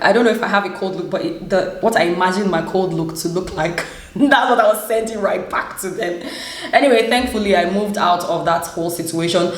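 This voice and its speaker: A young woman with a Nigerian English accent, telling a personal story to camera, animated and laughing often. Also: fairly low pitch. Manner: animated, laughs often, acts out quoted voices. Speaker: vlogger. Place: room in a flat in Germany. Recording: echoey room.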